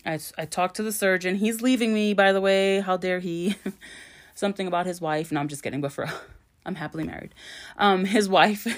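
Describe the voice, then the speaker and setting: A chatty woman in her thirties talks through her week on a solo podcast. Her voice sits a little low, and she rambles, laughs often and swears without a second thought. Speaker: podcast host. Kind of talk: casual solo podcast chat.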